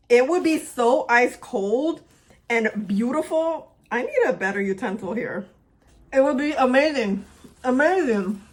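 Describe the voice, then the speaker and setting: A young woman chatting casually to camera as a beauty vlogger, upbeat and talking while she eats, at home by a window. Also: fairly high pitch.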